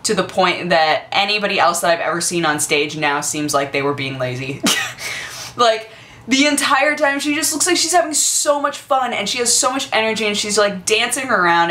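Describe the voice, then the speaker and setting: A young woman in her twenties chatting casually to the camera on her vlog, gushing and excitable with lots of fillers. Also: lowish voice, moderate pace. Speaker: vlogger.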